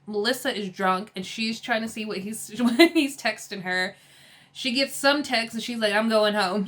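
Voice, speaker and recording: A woman recapping a reality TV episode in a chatty, casual way, laughing often and quoting the cast in quick asides. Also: a little high, fairly bright tone.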